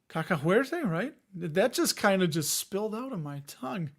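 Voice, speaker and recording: A man in his forties speaks with a Chicago accent in a fairly high voice. He rambles and jokes as the host of a casual investing live stream. He answers viewers' comments as he goes. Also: sing-song, normal speed, few pauses. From Chicago area, Illinois. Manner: rambling, jokey, laughs often, reads chat aloud.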